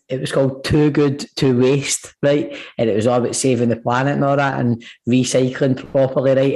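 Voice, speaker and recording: A man's voice: mid-range voice, a little mellow. Swearing Glaswegian man telling a story. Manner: profane, laughing, tag questions "right? man". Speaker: podcast co-host. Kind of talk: casual storytelling chat.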